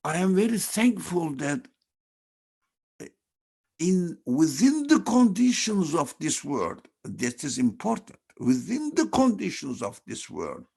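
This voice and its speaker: Man, study circle leader, gravelly voice, lively intonation, halting, earnest. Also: on the high side. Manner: halting, searching for words; earnest and emphatic. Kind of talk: reflective religious text study.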